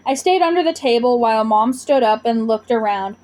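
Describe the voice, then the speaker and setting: A woman reading a children's storybook aloud with expressive narration. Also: a little high, a little fast, hardly any pauses. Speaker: audiobook reader.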